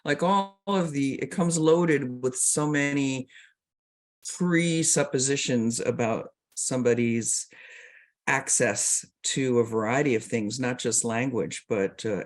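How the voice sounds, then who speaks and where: A man hosting an interview podcast, asking thoughtful questions in a measured way, with pauses and fillers. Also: mid-range voice. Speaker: podcast host.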